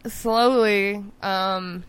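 A woman's voice: medium pitch, steady tone, drawn-out words, a bit bright, clear, resonant tone, dry recording. A young woman co-hosting a casual show, answering with short blunt teasing remarks while recovering from surgery. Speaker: co-host. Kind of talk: casual chat.

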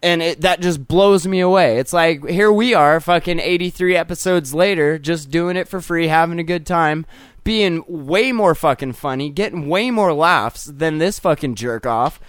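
Ranting, profane man with a high voice. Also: moderate pace, clean tone, no room sound, clean studio sound. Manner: profane, ranting, mocks with put-on quoted voices. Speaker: podcast co-host. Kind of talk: casual chat.

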